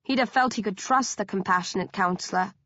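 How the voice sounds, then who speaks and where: A woman reading a first-person audiobook narration in a steady storytelling manner. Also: medium pitch, a little fast, dry recording, highs cut off.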